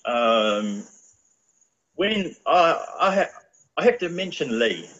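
A man's voice: fairly high pitch, very animated, takes it slowly, fairly bright tone, lo-fi sound. A man, chatting casually as a guest with a rambling manner and lots of fillers. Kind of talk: casual chat.

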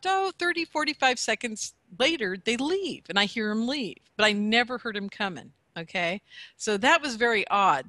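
A woman casually telling a long personal story to a host, animated and chatty, laughing often. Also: fairly high pitch, no echo. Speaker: guest telling her story.

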